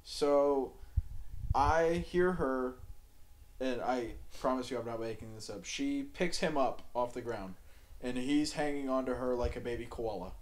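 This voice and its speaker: A young man tells a raunchy story in a loose, profane drawl, often letting his voice sink to a low mumble. His pitch sits in an ordinary middle range. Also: measured pace. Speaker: podcast co-host. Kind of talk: crude casual storytelling.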